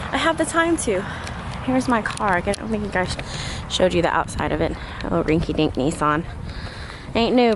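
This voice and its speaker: A woman chatting to the camera as she drives and explores on a travel vlog, upbeat and self-narrating. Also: mid-range voice. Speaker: travel vlogger. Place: car and outdoors. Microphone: camera on dash and handheld.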